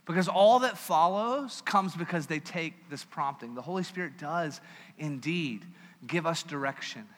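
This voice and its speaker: A man preaching a sermon as pastor, in a conversational, joking and animated manner, in a church hall with a long reverb. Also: on the high side, a little slow.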